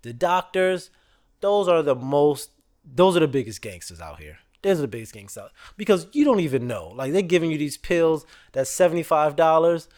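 A man's voice: on the high side, normal speed. A man in his thirties hosting a podcast, telling stories in a casual, joking, slangy way. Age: 30s. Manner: animated storytelling, slangy and joking. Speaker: podcast host. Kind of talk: casual chat.

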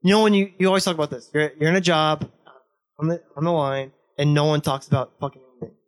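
A young man with a somewhat high voice talks in casual chat. He is blunt and pushy, swearing freely as he presses his point. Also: fairly even intonation, fast talker. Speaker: podcast guest, host's best friend.

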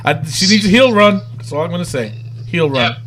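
A man's voice: high-pitched, lively intonation, brisk, a bit bright, slight background noise. A man with a New York accent co-hosting a podcast, emphatic and laughing often in casual chat. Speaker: podcast co-host.

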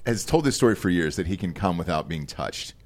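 Podcast host, man, lowish voice, relaxed, questioning. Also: a little fast, slight background noise. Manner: laid-back, asks questions and chimes in. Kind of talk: casual podcast chat.

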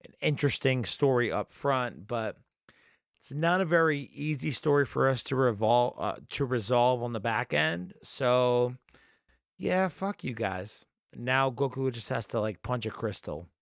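A man's voice: mid-range voice, normal speed, vocal fry, no echo, studio quality. A man co-hosting a casual podcast, ranting and swearing freely as he vents about a story. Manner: profane, ranting, animated. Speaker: podcast co-host.

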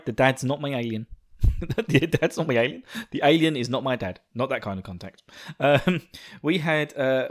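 A young man from England with an Essex accent, hosting a podcast in casual, self-mocking chat and laughing often. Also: on the high side. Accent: Essex English. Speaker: podcast host.

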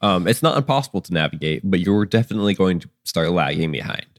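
A man running a tabletop game as game master, talking in a loose, halting way full of ums and likes. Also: low voice, lively intonation, dry recording, clean studio sound.

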